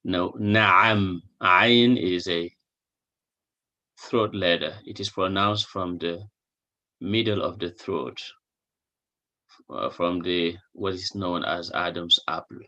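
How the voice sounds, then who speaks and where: A man teaching a recorded language lesson, his voice lowish and bright. He talks very slowly and patiently, repeating each example with its translation and checking in with a short "hmm?". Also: fairly even intonation, muffled recording. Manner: asks "hmm?" to check understanding. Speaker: Arabic teacher.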